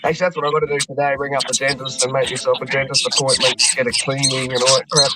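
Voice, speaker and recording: A man's voice: medium pitch, level tone, very fast, over a noisy crowd, rough recording. A laid-back man hosting a casual stream chat, rambling and laughing often with mild swearing. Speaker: streamer host.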